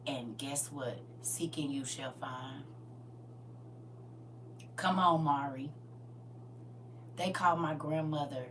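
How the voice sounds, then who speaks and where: A woman ministering on a livestream, emotional and close to tears, swinging from loud preaching to soft near-whispers and calling listeners honey and y'all. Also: low voice, slow, long pauses, recorded from a distance, slight background noise. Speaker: online minister and livestream host.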